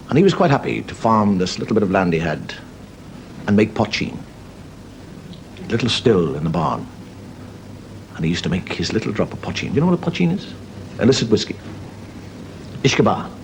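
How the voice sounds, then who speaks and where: A man, a comedian telling a long story in a relaxed, wry way. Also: on the low side, a little hiss or hum, poor audio. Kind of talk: storytelling stand-up. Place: television studio.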